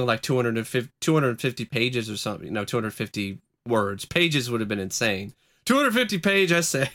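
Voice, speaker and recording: A young college student co-hosting a podcast, rambling and hesitant, often correcting himself. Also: male voice, mid-range voice, fairly bright tone. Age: young adult. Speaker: podcast co-host. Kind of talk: casual chat.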